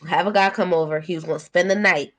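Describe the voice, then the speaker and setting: A young woman with a Baltimore accent, co-hosting a podcast and telling a story in casual chat, animated and laughing often. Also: lowish voice, fast. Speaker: podcast co-host.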